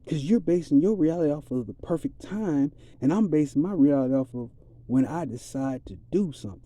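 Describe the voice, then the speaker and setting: A man's voice: on the high side, animated, fairly quick, warm tone. A man giving a rambling, streetwise spiritual monologue in a casual, preachy way. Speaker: vlogger.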